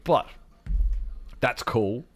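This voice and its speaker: A man talking to his chat during a live game stream. He rambles and jokes at a mid pitch and jumps up high when he greets people. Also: very slow, faint music behind. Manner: rambling and jokey, with sudden high excited greetings.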